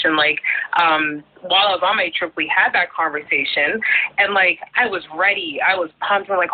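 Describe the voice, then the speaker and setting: A woman's voice: on the low side, steady tone, brisk. A woman guest chatting casually about her plans, rambling with lots of filler words. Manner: rambling, filler-heavy talk with many "like"s. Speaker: guest, YouTuber. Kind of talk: casual chat. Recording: tinny phone line.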